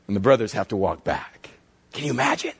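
Husky-voiced male pastor preaching. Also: a little fast. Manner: animated storytelling, drops to hushed low tones for emphasis. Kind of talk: sermon.

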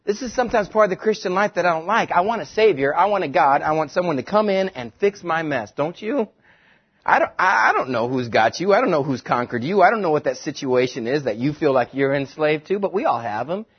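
A male pastor preaching a sermon, animated, slipping into quick voices to act out the people in his stories. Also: a little high, husky, dull audio. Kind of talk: sermon with comic retelling.

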